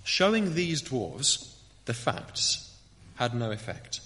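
Earnest male preacher, lively and bright, sermon in an echoey hall. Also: mid-range voice, takes it slowly. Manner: earnest, reflective, rhetorical questions.

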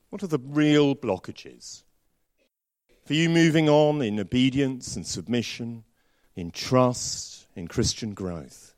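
Male preacher, sounding, animated pitch, dry close sound, storytelling sermon. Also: dry recording. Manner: storytelling with varied, lively delivery.

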